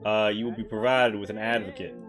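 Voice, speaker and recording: A man's voice: on the low side, steady tone, a little fast, a crowd in the background, natural voice. A man voicing a folksy, rural male soldier with a hick accent in a tabletop game, drawling and full of uhs. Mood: official. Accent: generic rural American hick. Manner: drawling, hesitant with many uhs. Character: folksy rural male soldier, self-styled sovereign patriot. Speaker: game master.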